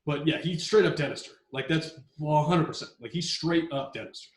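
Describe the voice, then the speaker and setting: Excitable high-voiced man ranting. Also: moderate pace, reverberant. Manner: excitable, ranting, swears a lot. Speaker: podcast co-host. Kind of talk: casual podcast chat.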